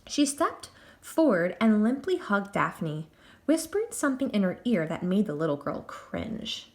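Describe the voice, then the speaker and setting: A woman reads a children's novel aloud with expressive, animated narration. Her pitch sits mid-range but moves widely and playfully across each sentence. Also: a little slow. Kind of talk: storybook read-aloud.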